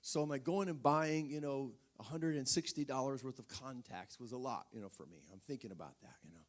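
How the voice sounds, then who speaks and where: A man's voice: mid-range voice, brisk. A male preacher telling a personal story in a sermon, talking conversationally with frequent restarts and fillers.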